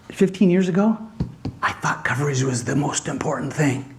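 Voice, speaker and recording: A man giving a conference presentation as a Wi-Fi design instructor, animated and acting out exchanges with customers. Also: on the high side, normal speed. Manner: animated, acts out dialogues with customers.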